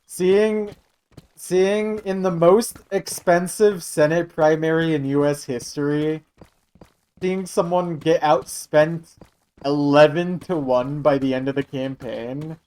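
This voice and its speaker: A man's voice: fairly high pitch, steady tone, takes it slowly, darkish tone, clean tone, poor audio. A young man from Michigan, chatting casually and joking with his live-stream viewers. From Michigan, USA. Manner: chatty, joking, answering chat.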